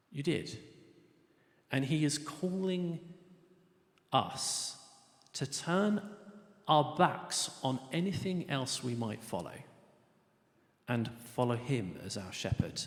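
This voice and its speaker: A middle-aged man giving an earnest, conversational evangelistic talk to students, telling stories as he goes. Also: mid-range voice. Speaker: speaker. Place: lecture hall. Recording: echoey hall reverb.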